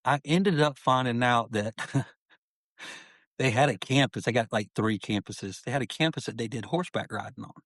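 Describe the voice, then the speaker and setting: A man's voice: mid-range voice, moderate pace, fairly bright tone, no echo. A middle-aged man telling his life story as a podcast guest, earnest and heartfelt, often saying "man" as he talks. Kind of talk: personal storytelling in an interview.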